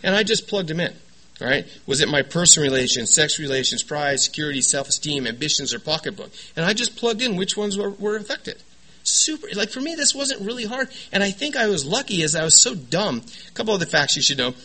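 A man tells his recovery story to a meeting crowd. His voice sits a bit high and sounds bright and forceful, and he keeps it animated with quips and asides to the listeners. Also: a little fast, low-quality recording. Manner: animated, joking storyteller with lots of "right?" and "you know". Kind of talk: personal testimony talk. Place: meeting room with an audience.

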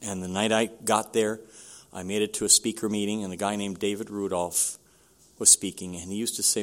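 Older man, candid halting storyteller. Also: lowish voice, level tone. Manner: candid, halting, with many restarts. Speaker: recovery meeting speaker. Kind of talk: personal recovery story.

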